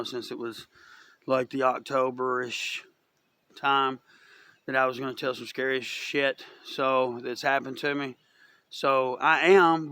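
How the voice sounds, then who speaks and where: A man's voice: on the high side, pushed and bright. A man vlogging to camera, rambling in a profane way with many restarts, moving between mockery and earnest talk. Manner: drifts between mocking and earnest. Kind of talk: casual rambling rant to camera.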